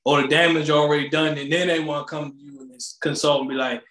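Man, high voice, slangy, animated storytelling, casual chat, roomy echo. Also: fast. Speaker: podcast co-host.

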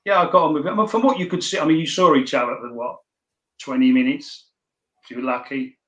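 A man's voice: a little high, fairly even intonation, fast talker, a bit bright, muffled recording. A middle-aged man, telling his story as a guest in a casual, blunt way, swearing often and stumbling over restarts. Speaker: interview guest. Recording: echoey room.

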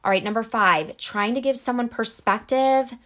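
A woman with a fairly high voice talks straight to the camera in a relaxed, conversational way. She is earnest and explains her points with everyday examples. She fills pauses with small fillers as she goes. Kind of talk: casual talk to camera.

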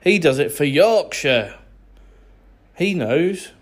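English man, unhurried sarcastic rant, exasperated asides. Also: on the high side, lively intonation. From England. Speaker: vlogger. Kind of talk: ranting to camera.

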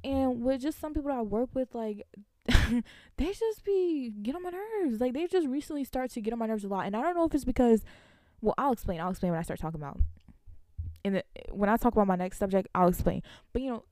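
A young woman, a college student, venting to her viewers in casual storytime chat, animated and laughing between lines. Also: a little high, a little fast, no room sound, studio quality. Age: young adult.

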